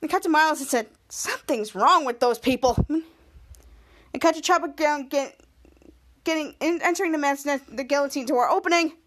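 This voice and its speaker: High-pitched lady podcaster rambling thru a tv recap, lots of stumbles and restarts. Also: moderate pace, pauses often. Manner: rambling scene-by-scene retelling with self-corrections. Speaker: podcast host. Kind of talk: casual episode recap.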